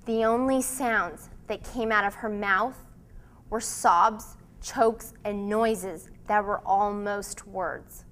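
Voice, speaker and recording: A woman giving a dramatic solo performance of a novel's excerpts, with a slow, deliberate and emotionally charged delivery. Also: mid-range voice, steady tone, a bit bright, slight background noise.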